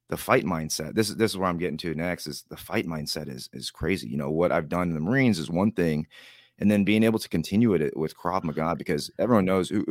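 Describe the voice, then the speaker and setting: Low voiced guy rambling thru a story, does the voices of people he quotes, dry close sound. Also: dry recording. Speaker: guest. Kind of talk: casual storytelling interview.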